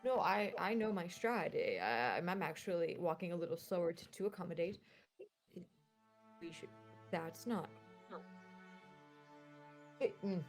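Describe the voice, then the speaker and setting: A woman's voice: on the low side, expressive, a little slow, long pauses, soft background music. A woman playing in a tabletop game, talking in character with a hesitant manner full of fillers and restarts. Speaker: player. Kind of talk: in-character tabletop role-play.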